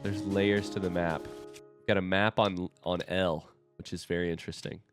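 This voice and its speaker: A young man commentating his own blind playthrough of a video game, awestruck and excitable, swearing when surprised. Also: sits low, normal speed, music in the background. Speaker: gaming streamer. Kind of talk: live gameplay commentary.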